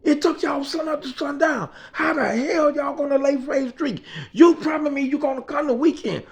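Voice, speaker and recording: A man's voice: extremely high pitch, expressive, moderate pace, pitched above the performer's own voice. A man voicing a frantic, easily panicked boss who sputters and swears nonstop. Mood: exasperated. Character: frantic cursing male boss, middle-aged, easily panicked.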